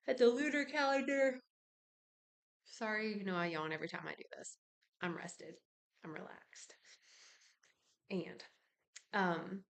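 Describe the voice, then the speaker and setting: A woman talking in a loose, wandering way about spiritual ideas, as a practitioner sharing her views with viewers. She pads her sentences with fillers and keeps drifting into asides before finding her thread again. Her voice sits in an ordinary middle pitch. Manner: meandering, with many fillers and digressions. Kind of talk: casual spiritual musing to camera.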